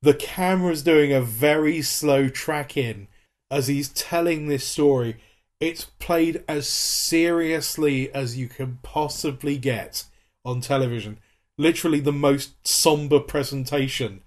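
A man's voice: fairly high pitch, measured pace. A man in his thirties co-hosting a podcast, chatting with enthusiasm and many fillers and restarts. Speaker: podcast co-host. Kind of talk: casual chat about a TV series.

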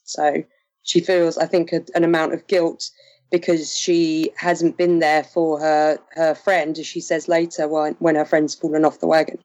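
Low-pitched woman recapping chattily. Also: little pitch movement, moderate pace, a little mellow. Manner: chatty, laughs often, recaps with many fillers. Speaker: podcast co-host recapping episodes. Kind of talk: casual chat.

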